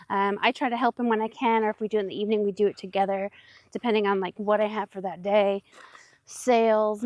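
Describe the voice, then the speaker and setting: A woman's voice: mid-range voice, dry recording. A woman chatting casually on a vlog tour of her farm's chicken coop outdoors, talking sweetly to her hens and a bit out of breath. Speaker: farm owner showing her chicken coop. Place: outdoors at a farm.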